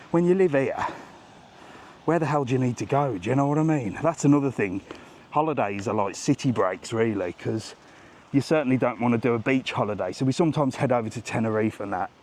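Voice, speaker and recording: A man's voice: mid-range voice, darkish tone, slight background noise. A man in his forties hosting a casual live travel vlog while walking along an outdoor seaside promenade. He talks in a chatty, rambling, jokey way. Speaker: travel vlogger host.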